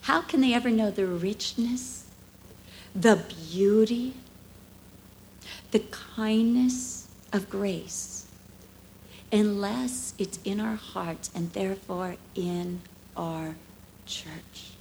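A woman in her fifties giving a conversational sermon at church, telling emotional stories with lively swings from hushed to animated. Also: mid-range voice, drawn-out words, vocal fry, pauses often, a little hiss or hum, rough recording. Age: 50s. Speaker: speaker at a church.

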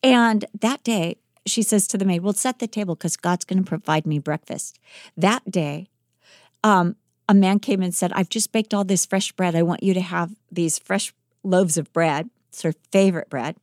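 A woman podcast host telling a life story in a lively, dramatic way, acting out the quoted lines. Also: on the low side, normal speed, no room sound, clean studio sound. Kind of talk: animated storytelling.

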